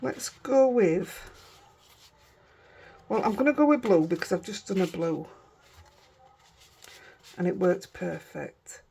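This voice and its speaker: A woman's voice: lowish voice, gravelly, dark tone, slight background noise. Yorkshire woman, craft vlogger, casual rambling chat, breaks off and restarts often. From Yorkshire, England. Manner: chatty, rambling, self-interrupting.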